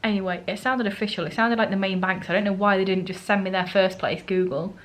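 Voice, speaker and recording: A travel vlogger on a solo trip chats casually to the camera from a holiday rental flat, acting out things people said to her. Her mid-range voice is fast with fairly even intonation, and the audio is poor.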